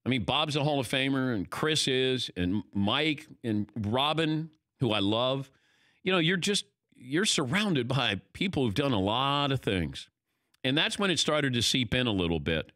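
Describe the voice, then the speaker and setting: An older man hosts a casual talk show, his pitch swinging up and down as he tells stories. His voice is bright and forward, close and dry with no room sound. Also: measured pace, no room sound. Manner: animated storytelling, acting out quoted lines. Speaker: host. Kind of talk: casual chat.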